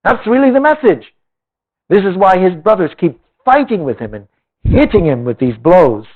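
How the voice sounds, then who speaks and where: Male Bible teacher, emphatic, slightly high voice, poor tinny old class recording. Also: sing-song, moderate pace. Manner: reads scripture aloud then explains it emphatically.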